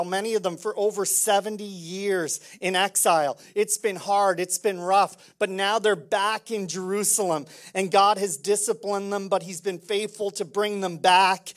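A man preaching a sermon as pastor, conversational and lively, swinging from loud emphasis to quiet intensity. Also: high-pitched.

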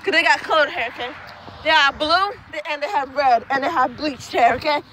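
A woman's voice: high-pitched, a little fast, sharp tone, slight background noise. A young woman telling a rambling, profane storytime vlog outdoors at dusk, tagging her phrases with "okay?". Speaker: student vlogger.

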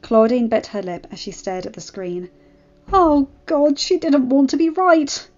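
A woman narrating a fan fiction story in a steady reading voice. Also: high-pitched, measured pace, muffled recording.

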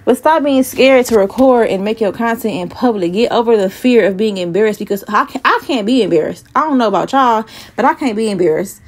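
A woman's voice: a little high, lively intonation, brisk, hardly any pauses. A woman in her twenties talking casually and bluntly to her phone camera, swearing freely and sounding a bit out of breath. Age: 20s. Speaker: vlogger. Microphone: phone mic with earbud.

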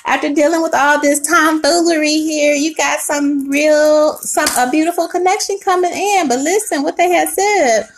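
High-voiced woman giving a tarot reading. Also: steady tone, moderate pace, hardly any pauses. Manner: emotional, swearing, talks to the viewer as baby and sweetheart. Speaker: tarot reader.

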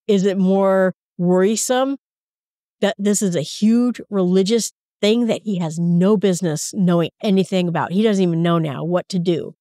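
Woman telling Bible stories, low and dry. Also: mellow, no echo. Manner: conversational storyteller with asides. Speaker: Bible teacher and podcast host. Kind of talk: casual Bible teaching with personal stories.

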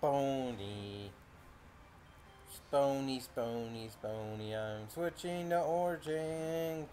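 A man's voice: mid-range voice, drawn-out words, dark tone, slight background noise. A young man casually commenting on his own gameplay, reacting aloud and swearing often. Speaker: gaming video host. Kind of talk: casual let's-play commentary.

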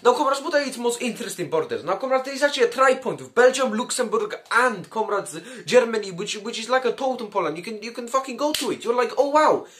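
A man with a high voice hosts a crude comedy history show as a mock communist commander. He swears constantly and peppers every sentence with "comrades". His delivery is loose and rambling. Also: expressive, quick pace, hardly any pauses, a bit bright. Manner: crude, swears often, calls the audience comrades. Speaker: comedy history video host.

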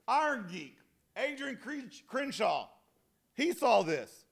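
A man delivers a conference keynote in a lively, joking way and often teases himself. His voice sits high with a gravelly rasp. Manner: animated, joking, self-deprecating. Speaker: keynote speaker.

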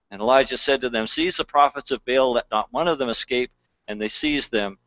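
A man's voice: mid-range voice, a little fast, a bit bright, dry recording, low-quality recording. A man pastor preaching a conversational sermon, reading scripture aloud between plain asides.

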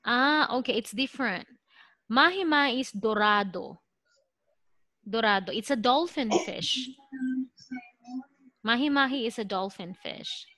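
A Filipino woman leads an online lesson over a video call, her voice high and bright. She is patient, thinks aloud and fills pauses with okay and wait a second. The sound is dry and close. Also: expressive, no echo. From Philippines. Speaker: teacher.

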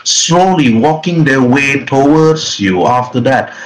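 A man's voice: mid-range voice, lively intonation, slow. A man narrating as game master, rambling loosely with fillers.

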